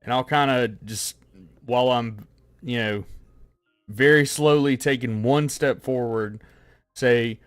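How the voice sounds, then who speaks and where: A man streaming a tabletop game, talking casually and stating his moves calmly and deliberately. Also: medium pitch. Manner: measured, calm and deliberate. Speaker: streamer and player. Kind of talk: casual chat and in-character play.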